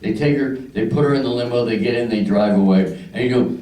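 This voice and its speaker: This older Philadelphia stand-up rattles through his crude act fairly quickly with hardly any pauses, voicing the people in his stories. His mellow, medium-pitched voice was recorded poorly from a distance in an echoey club.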